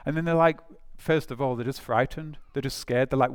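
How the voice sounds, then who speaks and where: A man's voice: mid-range voice, a little fast, few pauses, clean tone. A man preaching a conversational sermon to a church congregation, telling a story with many fillers and restarts, and speaking to the children. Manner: informal storytelling, addresses children.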